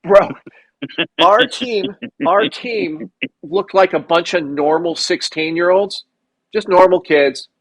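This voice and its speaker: A man's voice: sits high, animated, takes it slowly, gravelly, fairly bright tone, low-quality recording. A young man chatting casually on a podcast, telling profane stories and acting out other people's lines. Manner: profane storyteller, acts out voices of others. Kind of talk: casual chat.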